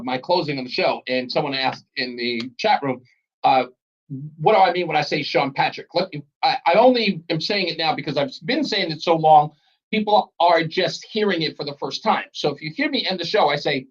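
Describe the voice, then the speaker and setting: A middle-aged male talk radio host with a high voice, bantering with callers and laughing often. The broadcast sound is dull and muffled. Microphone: studio broadcast mic.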